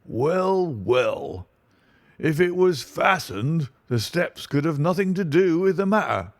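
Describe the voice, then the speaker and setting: A man voicing a stout, blustering middle-aged police inspector with a muffled, husky, wheezing voice in an audiobook. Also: fairly high pitch, sing-song, takes it slowly, no echo, clean studio sound, pitched above the performer's own voice, exaggerated voice. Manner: pompous, brash and self-satisfied. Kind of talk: audiobook reading.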